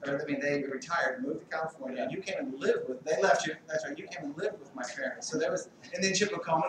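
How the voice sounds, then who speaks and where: A middle-aged man giving a memorial speech as a family friend, halting and rambling with light humor and many fillers. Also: on the high side. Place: large hall at a memorial service. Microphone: distant mic. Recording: echoey hall, distant mic, background noise.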